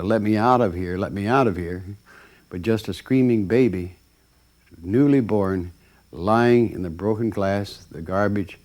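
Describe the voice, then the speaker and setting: A man giving a storytelling talk, acting out the voices of the people in it, with plenty of ums and uhs. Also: lowish voice. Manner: animated, acts out voices, many fillers. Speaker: lecturer.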